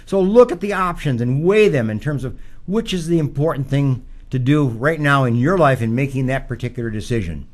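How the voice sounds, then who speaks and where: Lively, earnest older man giving parenting advice. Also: medium pitch, fairly quick. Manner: earnest, repetitive, teacherly, with rising emphasis. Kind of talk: advice talk.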